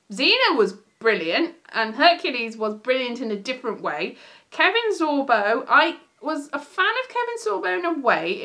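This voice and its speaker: A woman's voice: on the high side, sharp tone. Chatty rambling woman livestreamer. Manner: rambling, self-correcting, chatty. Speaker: livestream host. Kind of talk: casual chat.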